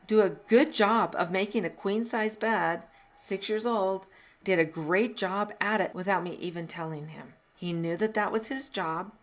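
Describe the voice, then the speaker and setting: A middle-aged woman and former teacher hosting a parenting podcast, telling family stories in a chatty way and laughing often. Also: on the low side. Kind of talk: casual podcast monologue.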